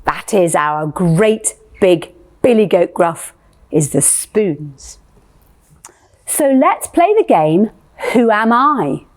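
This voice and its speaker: A woman's voice: mid-range voice, animated, takes it slowly. A woman leading a playful music lesson for young children, asking sing-song questions.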